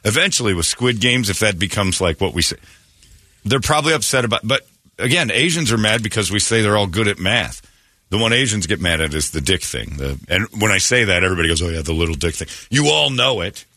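A man hosts morning radio in a brash, joking banter. His pitch jumps around a lot, and his tone is bright and cutting. The studio sound is dry and close. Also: expressive, brisk, dry recording. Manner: brash, joking, slips into mock voices. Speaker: radio morning show host.

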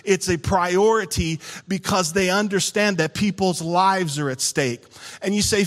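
A man pastor preaching a sermon with call-and-response, animated and acting out little scenes for the congregation. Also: high-pitched, unhurried. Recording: church hall reverb. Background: long hall reverb.

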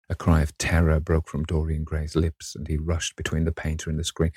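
A man reading a classic novel aloud as audiobook narrator, in a measured, even manner. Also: a bass voice, husky, dry recording, clean studio sound. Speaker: audiobook reader.

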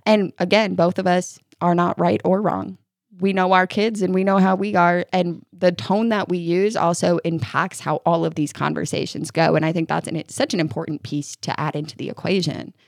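A woman's voice: on the low side, steady tone, normal speed, no room sound, studio quality. A woman co-hosting a podcast, chatting casually, laughing often and telling stories with animation. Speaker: podcast co-host. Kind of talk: casual chat.

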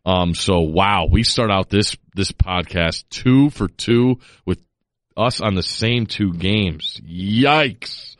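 A man co-hosting a sports betting podcast, rambling and chatty with quick restarts. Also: dry recording, studio quality. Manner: rambling, quick restarts, lively rises in pitch when making a point. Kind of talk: casual sports betting chat.

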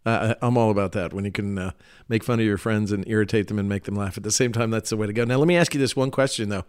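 A man's voice: lowish voice, quick pace, clean tone. A middle-aged man co-hosting a podcast, joking and teasing his partner in casual chat. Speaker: podcast co-host.

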